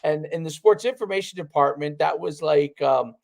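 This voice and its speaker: A man's voice: on the high side, normal speed, vocal fry, a little mellow. A man, a former college football player, chatting casually on a podcast in a rambling way, full of fillers and restarts.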